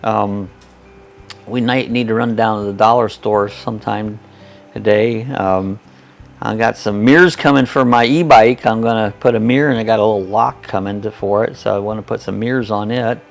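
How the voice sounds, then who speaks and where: Casual chat, older guy in his 60s, gravelly and low, rambling folksy host, some music quiet behind. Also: steady tone, normal speed. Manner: rambling, folksy, self-deprecating. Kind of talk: casual live-stream chat reading comments.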